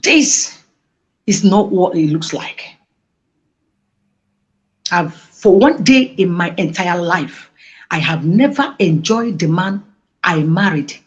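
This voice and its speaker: A woman giving an emotional interview, speaking passionately and halting with many restarts. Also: on the low side, lively intonation. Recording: dull lo-fi audio.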